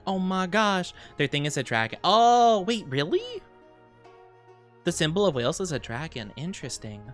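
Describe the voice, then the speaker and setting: A woman VTuber casually chatting with her live-stream viewers, playful and quick to laugh. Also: sits low, soft background music. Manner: playful, giggly, animated.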